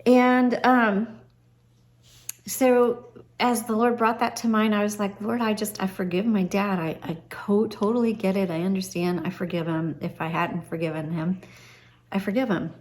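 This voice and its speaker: A woman's voice: medium pitch, fairly even intonation, moderate pace. A middle-aged woman telling a personal faith story in a chatty, earnest way, with frequent ums and restarts. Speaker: Christian vlogger. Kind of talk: personal testimony, casual storytelling.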